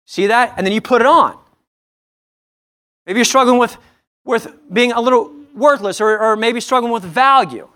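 A man's voice: very high voice, normal speed, bright, forceful tone. A pastor preaching a sermon, earnest, asking his listeners many questions and often repeating and restarting phrases. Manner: earnest, asks the congregation many rhetorical questions.

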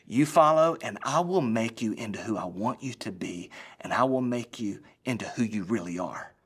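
A man preaching a sermon as a pastor, swinging between loud, emphatic lines and hushed, almost whispered ones. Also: fairly low pitch, expressive, normal speed, husky.

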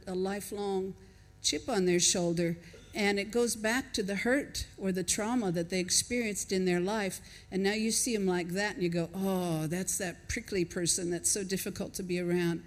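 A woman preaches to her congregation in an easy, conversational way. She thinks aloud and puts questions to the listeners as she goes. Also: mid-range voice. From not from Australia, lives there. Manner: conversational, reflective, chuckles between points. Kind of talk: sermon.

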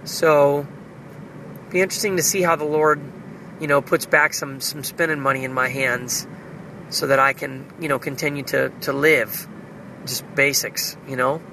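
Gravelly man in an earnest prayerful diary. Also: fairly high pitch, fairly even intonation, normal speed, background noise. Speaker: video diarist. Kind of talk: personal spiritual video diary. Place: car.

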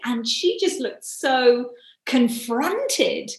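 A woman co-hosting a casual faith discussion podcast, telling everyday stories with quick asides. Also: sits high, expressive, fairly bright tone. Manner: chatty storyteller, quick asides. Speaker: podcast co-host. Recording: echoey room.

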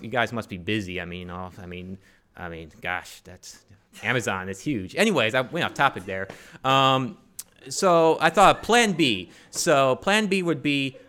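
A man's voice: mid-range voice, pushed and bright. A man telling a personal story to a live audience, rambling and joking with many fillers and restarts. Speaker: storyteller on stage.

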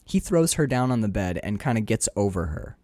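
Animated man in casual film chat. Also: fairly quick, dry recording, clean studio sound. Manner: animated, acts out quoted dialogue with big pitch swings, swears casually. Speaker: podcast co-host discussing a film.

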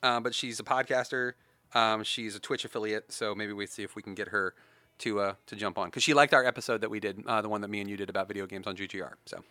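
Bright-voiced rambling male podcast host. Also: on the low side, steady tone, fast talker, dry recording. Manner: rambling, lots of fillers. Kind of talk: casual podcast chat.

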